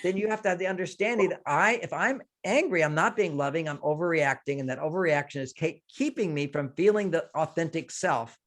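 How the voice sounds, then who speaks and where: Older man explaining relationships, higher-pitched. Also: fairly quick, hardly any pauses, a bit bright. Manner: explains with quoted example lines. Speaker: relationship author and guest. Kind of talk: conversational advice interview.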